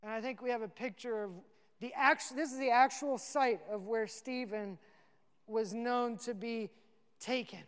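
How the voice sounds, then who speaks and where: A man's voice: extremely high pitch, fairly even intonation, unhurried, fairly bright tone, smooth. A male pastor preaching a sermon, earnest and rising to emphatic peaks. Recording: long reverb of a hall.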